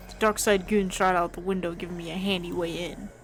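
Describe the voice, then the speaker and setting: A woman's voice: lowish voice, fairly quick, faint music behind. Woman reading along in a let's play. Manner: relaxed, reads the detective's lines plainly. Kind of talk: reading game dialogue aloud while playing.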